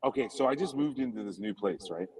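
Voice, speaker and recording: A man in casual conversation, telling a funny personal story with lively laughter, heard from a distant phone. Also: medium pitch, fast, breathy edge. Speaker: comedian guest. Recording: distant phone audio with crowd noise. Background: crowd chatter at a cookout.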